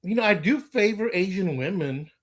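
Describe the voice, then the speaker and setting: A man's voice: high voice, lively intonation, normal speed, over a noisy crowd. A man in a casual livestream chat, speaking hesitantly with stumbling starts. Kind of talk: casual banter.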